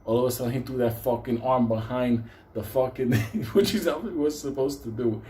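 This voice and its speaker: A man's voice: mid-range voice, moderate pace, dark tone, a little hiss or hum. A man telling a casual anecdote, swearing constantly, breaking into laughter and acting out the people in his story.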